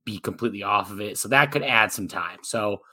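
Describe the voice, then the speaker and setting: A man's voice: lowish voice, a little fast. Chatty man co-hosting a football podcast. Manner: relaxed, filler-heavy, joking. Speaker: podcast co-host. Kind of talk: casual sports chat.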